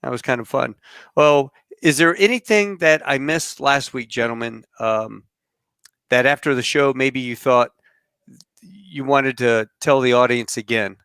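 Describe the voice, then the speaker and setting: A middle-aged man hosts a casual podcast, talking at an easy, rambling pace full of fillers and pilot shop talk. His voice is smooth and clear at a middle pitch, with a dry, close sound. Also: unhurried, no echo. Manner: relaxed, rambling with fillers and aviation slang. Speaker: podcast host.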